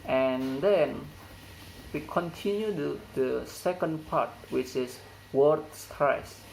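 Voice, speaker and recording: A young man whose first language is Indonesian, reading a classroom presentation carefully and slowly, stumbling now and then over his phrasing. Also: a little high, gravelly, darkish tone, slight background noise, poor audio. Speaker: student presenter.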